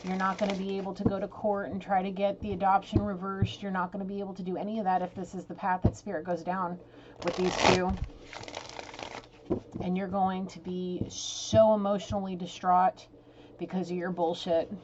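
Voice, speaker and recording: A woman's voice: medium pitch, level tone, normal speed. A woman giving a casual tarot reading, emotional, blunt and exasperated as she talks. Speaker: tarot reader. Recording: dull lo-fi sound with clear noise.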